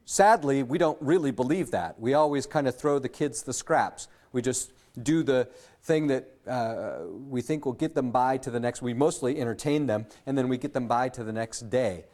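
A man preaching an earnest sermon as a pastor, often pausing with fillers and restarting his sentences. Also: mid-range voice, a little mellow.

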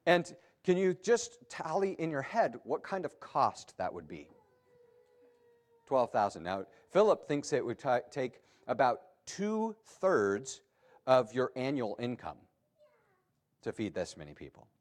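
A man preaching a sermon as pastor, animated and emphatic, with sudden rises and drops in his delivery. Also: mid-range voice, a little slow.

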